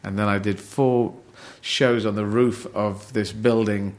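A middle-aged comedian from England talks in a lowish voice in loose podcast chat. He rambles, laughs between thoughts and keeps restarting his sentences. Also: steady tone, unhurried. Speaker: comedian guest.

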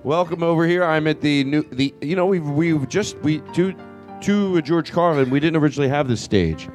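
A man's voice: fairly high pitch, normal speed, a little mellow, faint music behind. A man hosting a comedy podcast, rambling through a stand-up bit with self-mocking asides. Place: podcast studio with a small stage.

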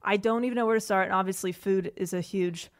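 A woman in her late twenties co-hosts a podcast, chatting candidly and casually and swearing freely. She speaks quickly at a medium pitch with a steady tone.

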